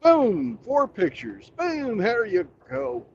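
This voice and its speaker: Casting: male host, crude, sarcastic, higher voice, dull lo-fi sound with faint ambience. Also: wildly swooping pitch, slow pace, a little hiss or hum. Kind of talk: casual chat while driving.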